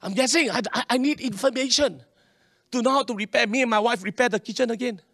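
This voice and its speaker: A middle-aged pastor preaches with lively energy, often calling for an amen and slipping in local slang. His voice sits high and sounds bright and forceful. The recording is close and dry. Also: fast talker, no room sound. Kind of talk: sermon.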